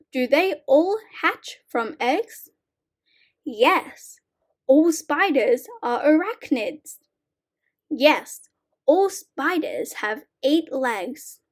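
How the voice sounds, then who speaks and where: A woman slowly reading short sight word poems aloud for young learners, clear and deliberate. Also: sits high. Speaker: reading teacher.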